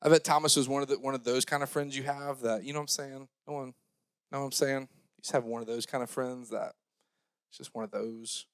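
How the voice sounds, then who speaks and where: A young man giving a youth sermon, joking and talking casually, switching between loud scripture reading and quiet mumbled asides. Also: mid-range voice, fairly even intonation, a little fast, clean tone, no echo. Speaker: youth pastor.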